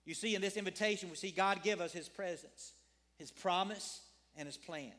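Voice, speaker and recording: A man's voice: sits high, moderate pace, a bit bright. A man preaching a sermon as a pastor, earnest, repeating phrases and asking his congregation questions.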